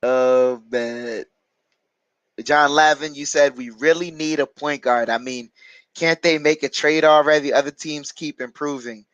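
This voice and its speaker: A man hosts a live basketball watch-along, casually reading viewer chat comments aloud and replying, chatty but hesitant with frequent fillers. His voice is a little high, steady and a bit bright, at a measured pace, with no room sound and a muffled recording.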